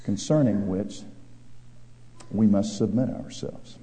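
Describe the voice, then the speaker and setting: A man preaching a sermon, swinging between loud declaiming and quiet asides. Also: on the low side, slow. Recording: long hall reverb.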